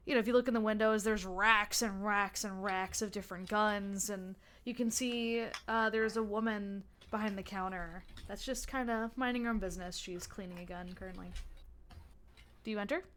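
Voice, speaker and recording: A woman's voice: medium pitch, steady tone, moderate pace, a bit bright, a little hiss or hum. A young woman narrating a tabletop game as game master, chatty with many fillers and restarts.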